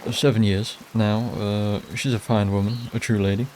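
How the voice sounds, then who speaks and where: A man voicing a nobleman's male servant in a game, speaking in a measured, courteous, formal way. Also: lowish voice, little pitch movement, darkish tone, slight background noise, lightly acted.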